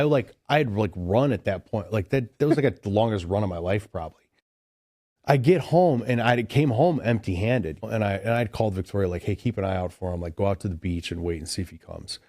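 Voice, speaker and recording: Speaking fairly quickly in a lowish, darkish voice with lively intonation, a Chicago man on a podcast rambles through a long, casual story. "Like" and "dude" come up again and again. The studio sound is clean, without room sound.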